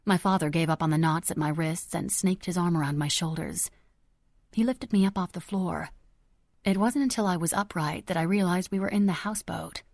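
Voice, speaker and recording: A woman narrating an audiobook in the first person, her delivery tense and dramatic. Her voice sits low. The recording is dry and close. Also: fairly even intonation, a little fast, darkish tone, dry recording.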